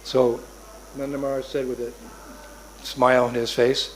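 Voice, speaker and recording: A man preaching a sermon as an animated storyteller, narrating a sacred story and acting out its voices. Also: medium pitch, moderate pace, a little hiss or hum.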